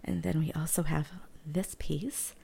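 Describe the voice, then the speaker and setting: A woman speaking softly and often in a whisper in a gentle ASMR show-and-tell, close to the mic, thinking aloud with hesitant fillers. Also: low voice, steady tone, gravelly, breathy edge. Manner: whispered and hushed, slow and gentle. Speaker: vlogger.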